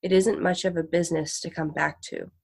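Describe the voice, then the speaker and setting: A woman's voice: low-pitched, steady tone, fairly quick, creaky, darkish tone, breathy edge, exaggerated voice. Woman reading as a bitter, worn-down tramp. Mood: grim. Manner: grim, muttering to himself. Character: weary adult male tramp, a gentleman come down, bitter.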